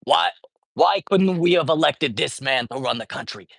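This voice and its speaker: A man doing an impression of an older male senator, lecturing in a gruff, emphatic tone. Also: on the high side, expressive, moderate pace, fairly bright tone, dry recording, pitched below the performer's own voice, exaggerated voice. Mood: indignant.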